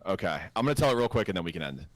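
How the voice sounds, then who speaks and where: A man with a very low voice tells a story with lots of swearing and laughter. He is a casual podcast host who gets animated at the funny parts. The recording is dry and close. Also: very fast, no room sound. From North America.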